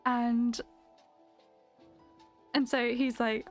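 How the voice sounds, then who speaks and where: A woman's voice: fairly high pitch, fairly even intonation, slow pace, long pauses. A woman streamer chatting casually, rambling with fillers and frequent giggles. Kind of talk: casual chat. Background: lo-fi music.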